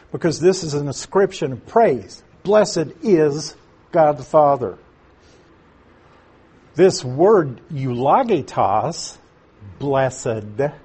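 A man teaching through a Bible passage verse by verse, slowing down to stress key words and asking his listeners questions. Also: fairly high pitch, a little mellow, breathy edge. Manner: asks the audience questions.

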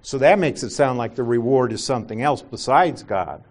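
A man's voice: mid-range voice, animated, normal speed. A man teaching a Bible class, patiently explaining grammar, asking rhetorical questions and correcting himself as he goes. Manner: corrects himself mid-sentence.

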